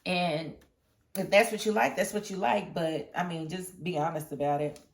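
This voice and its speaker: A woman casually reviewing a TV episode, chatty and animated, often breaking into laughter as she retells scenes. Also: on the low side, normal speed, creaky, distant mic. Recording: roomy echo.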